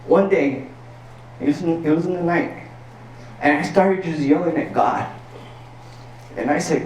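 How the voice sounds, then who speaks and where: A man's voice: sits high, slight background noise. A man from El Paso, Texas, telling an earnest personal story on a stage as a stand-up comedian, full of filler words. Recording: roomy sound from a distance.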